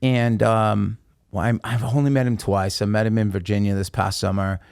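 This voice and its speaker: A man's voice: on the low side, moderate pace, gravelly, clear, resonant tone, no room sound, studio quality. A man telling stories casually and emphatically as a podcast guest. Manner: animated, emphatic storyteller. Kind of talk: casual storytelling.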